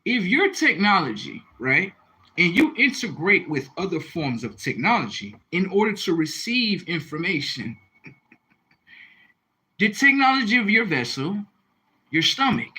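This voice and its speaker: Guy on a livestream, swears a lot, voice jumps all over, bit raspy. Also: high-pitched, unhurried, low-quality recording. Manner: profane, animated, rambling, reads viewer comments. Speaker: livestream host. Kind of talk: casual livestream chat.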